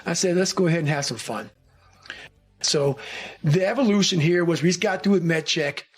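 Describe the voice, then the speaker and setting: A man's voice: fairly high pitch, normal speed, breathy edge. A man telling a war-training story in an intense, profane motivational style. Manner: intense, swearing, acts out quoted shouts. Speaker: former special forces trainee telling a story.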